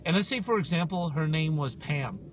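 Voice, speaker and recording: A man co-hosting a casual podcast, telling a story with lots of energy, acting out both sides of the talk and sometimes breaking into shouts. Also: on the high side, lively intonation, normal speed, highs cut off, slight background noise. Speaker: podcast co-host.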